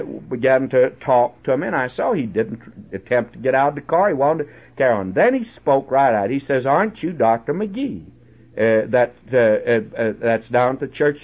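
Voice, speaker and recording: A man preaching on the radio, telling a personal story in a chatty way, with many halting restarts. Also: mid-range voice, breathy edge. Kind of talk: folksy sermon with personal anecdote. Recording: dull lo-fi old radio recording.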